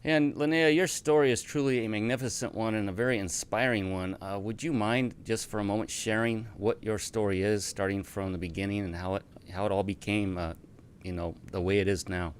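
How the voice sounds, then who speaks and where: A man co-hosting a talk show, asking encouraging, slightly halting questions. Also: lowish voice, fairly even intonation, clean tone. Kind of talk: interview questions.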